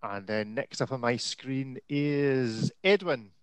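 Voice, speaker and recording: A man hosts a casual live video-call chat, easygoing and self-deprecating, often tripping over his words. His medium-pitched voice is smooth and lively in intonation, his pace slow, with no echo.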